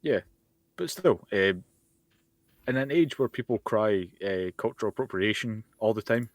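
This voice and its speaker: A man's voice: lowish voice, expressive, normal speed, no room sound. A Scottish man co-hosting a podcast over a voice call, ranting wryly in casual chat. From Scotland. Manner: wry, ranting, sweary. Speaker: podcast co-host. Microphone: home mic over a voice call.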